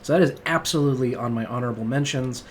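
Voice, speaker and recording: A man's voice: medium pitch, fast, a little hiss or hum. A man hosting a casual music review monologue, rambling and enthusiastic, with lots of fillers and swearing. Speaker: music podcast host.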